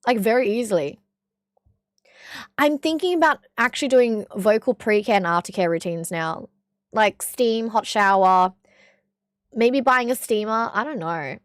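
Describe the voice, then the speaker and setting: A young woman from Australia streaming casually with a hoarse, strained voice, chatting, swearing and reading chat aloud. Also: fairly high pitch, measured pace, no room sound, studio quality. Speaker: livestreamer.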